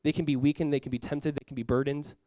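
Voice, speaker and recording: A man's voice: on the high side, flat delivery, quick pace, mellow, no room sound. A man preaching a sermon as pastor, earnest and conversational, often acting out what people say.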